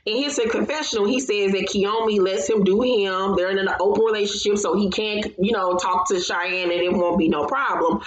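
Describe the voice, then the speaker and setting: A woman chats through a reality-show recap with blunt, swearing emphasis and easy laughter. Her voice sits at an ordinary middle pitch. The room rings with a noticeable echo, and faint noise runs under her talk. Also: normal speed, hardly any pauses, highs cut off. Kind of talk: casual commentary recap. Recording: roomy echo.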